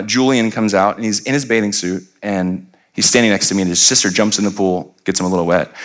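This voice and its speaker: A man in his thirties preaching a sermon as pastor, telling humorous stories with quick asides to the congregation. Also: lowish voice, fairly bright tone. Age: 30s. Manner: storytelling with jokes and asides to the congregation. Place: church sanctuary.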